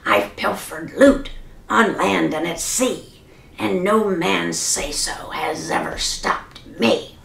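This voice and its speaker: A woman voicing a gruff, bossy male pirate captain who bellows in pirate slang in a children's storybook reading. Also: on the low side, takes it slowly, fairly bright tone, roomy sound, slight background noise, exaggerated voice. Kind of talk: storybook read-aloud for children.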